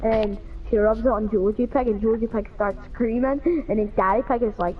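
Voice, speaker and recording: A woman's voice: on the high side, fairly even intonation, a little fast, highs cut off, a little hiss or hum. A woman chatting casually as a vlog co-host, rambling and giggling and breaking into silly voices. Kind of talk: casual chat.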